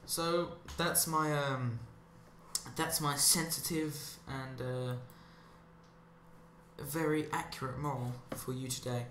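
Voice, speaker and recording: A man delivers a meandering, sarcastic monologue over gameplay, drifting off on tangents and deadpan asides. His middle-pitched voice sounds roomy and echoey, with faint ambient hiss underneath. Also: slow. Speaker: commentary channel host.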